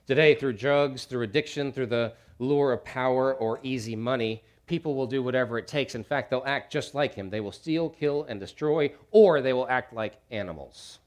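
A man preaching a sermon, swinging from hushed low lines to loud shouts, with jokey asides. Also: normal speed, hardly any pauses. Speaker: pastor.

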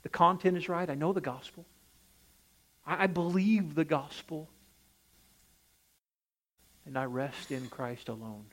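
A preacher with a voice on the high side keeps a measured pace broken by long pauses. His sermon carries an emphatic rise-and-fall cadence, often turning to direct questions for the congregation.

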